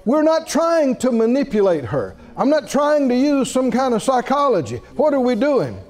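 A man preaching a sermon, telling a story with laughter and acting out what people said. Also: moderate pace. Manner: lively, wide-ranging pitch.

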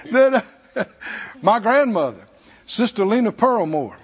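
A pastor with a Southern American accent preaches a sermon in a church sanctuary, folksy and humorous, chuckling between points. His voice is extremely high in pitch, and the recording's highs are cut off.

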